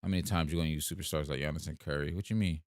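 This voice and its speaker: In a very deep, steady voice, a young South Jersey livestream host fires off rapid-fire replies to viewer comments, keeping things laid-back in his South Jersey accent. The recording is dry and studio quality.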